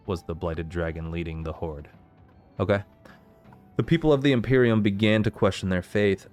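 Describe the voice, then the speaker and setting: Deep-voiced man reading game lore. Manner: reads aloud steadily, stopping to puzzle over pronunciation. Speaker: let's play host.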